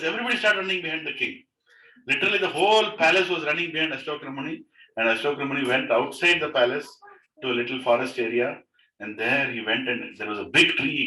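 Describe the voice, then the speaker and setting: Man, devotional talk at home, animated, bright voice, distant mic, faint noise. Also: mid-range voice. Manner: animated, chuckling, asks "right?" often. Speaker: speaker at a home devotional gathering. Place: living room of a home. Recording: echoey room, mic far off, faint noise.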